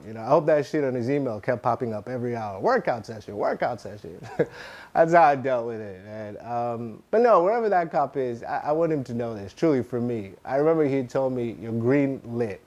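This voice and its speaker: A man doing stand-up comedy, telling a long personal story in a loose, halting way with many restarts. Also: mid-range voice, a little mellow. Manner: rambling, halting delivery with frequent restarts.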